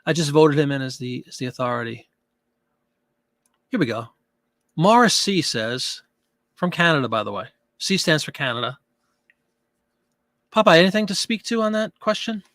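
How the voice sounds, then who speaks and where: A man's voice: fairly high pitch, sing-song, moderate pace, long pauses, a bit bright, dry recording. Chatty man hosting a live stream. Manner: chatty, reads out viewer comments and answers them. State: out of breath. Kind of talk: casual live chat with viewers.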